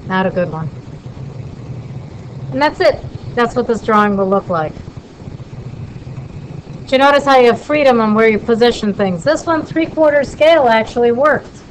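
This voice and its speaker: A woman instructor walking through a drawing in a casual lesson and checking in with quick questions. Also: on the high side, expressive, a little hiss or hum, rough recording. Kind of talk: casual screen-recorded lesson.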